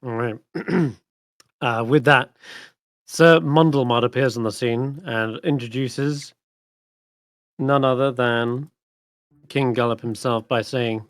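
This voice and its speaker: A man's voice: medium pitch, fairly even intonation, slow pace, long pauses, no room sound, soft background music. A man narrating a tabletop game as dungeon master in a casual, laughing way.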